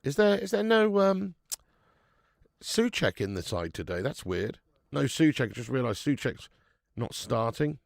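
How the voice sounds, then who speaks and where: A man's voice: medium pitch, sing-song, unhurried, gravelly, no echo. A man with a chatty, sweary manner hosting a live football watch-along, greeting viewers in the chat as he commentates.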